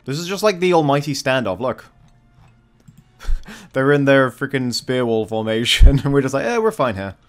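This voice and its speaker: A man at a middle pitch gives loose, excitable let's-play commentary over a strategy game. He swears freely and breaks into sudden exclamations between stretches of chatty play-by-play. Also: normal speed, pauses often, faint music behind. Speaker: gameplay commentator.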